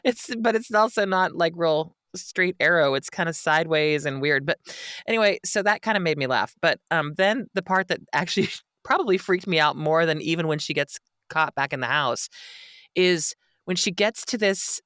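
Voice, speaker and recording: A woman's voice: sits low, moderate pace, a bit bright, no echo, clean studio sound. A middle-aged woman co-hosting a casual comedy podcast, rambling and giggling as she tells a story. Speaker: podcast co-host.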